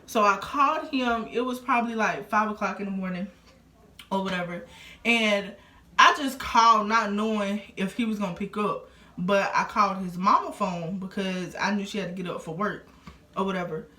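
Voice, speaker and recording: Her mid-range voice has a sharp tone and a moderate pace as this young woman tells a casual storytime vlog, wandering along conversationally and leaning heavily on fillers. The recording is echoey and roomy.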